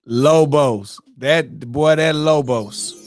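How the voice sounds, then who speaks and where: A man hosting a morning show, telling a story in a lively, excitable way and acting out his own reactions. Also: on the high side, very slow, faint music behind. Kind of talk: animated casual storytelling.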